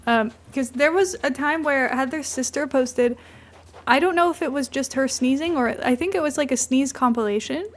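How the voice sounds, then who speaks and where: A woman's voice: high-pitched, moderate pace. A woman streaming a game in a casual, rambling chat who keeps breaking off to coo at her cat.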